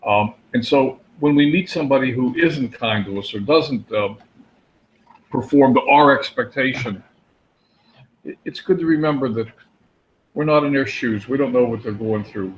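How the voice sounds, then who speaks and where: A man's voice: medium pitch, moderate pace, dull audio. A man co-hosting a casual live show, talking earnestly and rambling with many fillers and restarts. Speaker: co-host of a daily live show. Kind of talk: casual live-stream chat.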